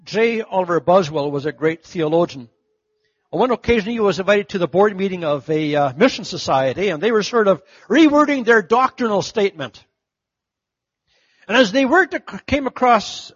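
A middle-aged man preaching a sermon, telling stories and acting out the voices of the people in them, swinging from loud to hushed. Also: high voice, husky, no echo, lo-fi sound. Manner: storytelling, acts out quoted voices, big swings from loud to hushed. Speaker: pastor.

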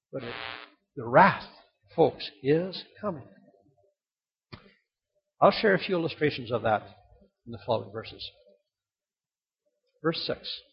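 An older man preaching a sermon, telling stories dramatically with sudden swings between loud and soft. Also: high-pitched, husky. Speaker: pastor. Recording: dull lo-fi sound.

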